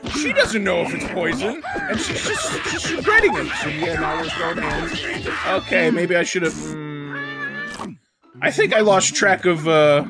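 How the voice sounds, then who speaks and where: A woman voicing an excitable, dramatic male cartoon pencil character, rambling and bursting into shouts over background music. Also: fairly low pitch, full character voice. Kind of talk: animated cartoon reaction commentary.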